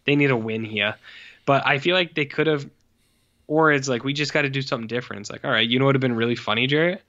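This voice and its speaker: Bright-voiced joking man, lo-fi podcast. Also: medium pitch, fast talker. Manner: jokey, sarcastic, swearing freely. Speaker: podcast co-host. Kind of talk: casual film review chat.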